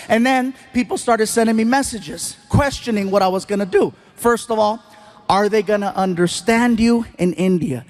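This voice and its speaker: A man telling stand-up stories on stage in an animated way, acting out the people in them. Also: high-pitched, moderate pace. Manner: animated, jumps into voices for the people in his stories. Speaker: stand-up comedian. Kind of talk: stand-up storytelling. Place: large theater stage before a laughing audience.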